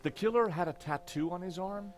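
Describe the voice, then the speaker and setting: A man's voice: high voice, brisk, faint music behind, close to an everyday voice. An actor voicing a confident, wry adult male investigator in a video game.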